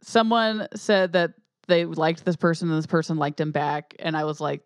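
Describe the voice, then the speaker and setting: A woman with a slightly low voice talks on a podcast in a casual, chatty way. She jumps in with quick questions and laughs easily as she tells her own story. The sound is dry and close to the mic. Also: no echo. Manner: quick follow-up questions, easy laughter, relaxed anecdotes. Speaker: podcast co-host. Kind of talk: casual movie podcast chat.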